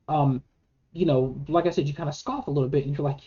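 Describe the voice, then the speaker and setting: A woman's voice: low voice, fairly even intonation, moderate pace, warm tone, lo-fi sound. A woman giving an earnest, argumentative monologue to camera, with many rhetorical questions and frequent restarts. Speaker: vlogger.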